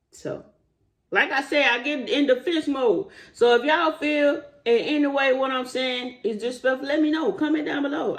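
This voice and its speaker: Animated man ranting straight to viewers. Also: high voice. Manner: animated, rising to indignant emphasis; talks straight to viewers as y'all. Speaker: commentary vlogger. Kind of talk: casual opinion vlog.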